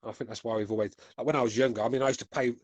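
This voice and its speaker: Casting: blunt, sweary British male host, forties, mid-pitched, dry close-mic sound. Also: steady tone, rapid-fire, darkish tone, no room sound. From United Kingdom. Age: 40s. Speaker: podcast host reading chat. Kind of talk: casual chat.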